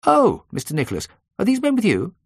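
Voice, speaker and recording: A man voicing a nervous older female office receptionist in a high, fluttering tone for an audiobook. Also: wildly swooping pitch, fast talker, a little mellow, slightly rough, no echo, clean studio sound, exaggerated voice.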